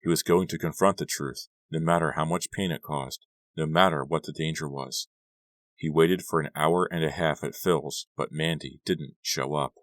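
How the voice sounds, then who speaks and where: A man narrating a young adult horror novel in a measured reading. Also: very deep voice, steady tone, dry recording, clean studio sound. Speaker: audiobook narrator. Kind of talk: scripted narration.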